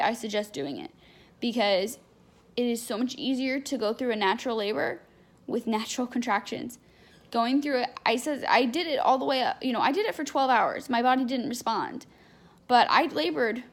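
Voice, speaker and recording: A young adult woman telling a candid personal story in a chatty, unfiltered way, full of fillers. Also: a little high. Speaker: vlogger.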